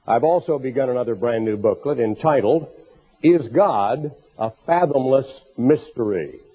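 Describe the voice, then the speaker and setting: A man with a hoarse, raspy voice from a bronchial illness, preaching earnestly in a recorded sermon for a tape program. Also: medium pitch, expressive, moderate pace. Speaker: minister. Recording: tinny phone-like tape recording.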